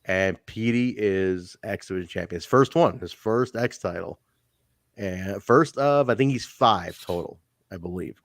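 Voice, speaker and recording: A man's voice: deep voice, unhurried, gravelly, dry recording, clean studio sound. A man co-hosting a podcast, chatting casually and animatedly, joking and swearing now and then. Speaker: podcast co-host. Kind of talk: casual chat reviewing wrestling shows.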